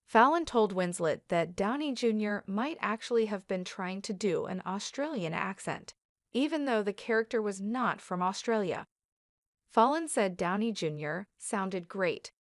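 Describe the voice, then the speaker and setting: A woman narrating a scripted entertainment news piece in an even, read-aloud delivery. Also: mid-range voice, normal speed, dry recording, studio quality.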